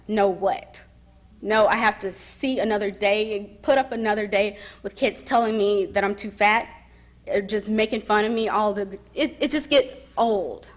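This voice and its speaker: Soft-spoken young woman giving testimony. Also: medium pitch. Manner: soft-spoken and emotional, pausing and restarting. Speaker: speaker telling her story. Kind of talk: personal testimony speech. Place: summit event.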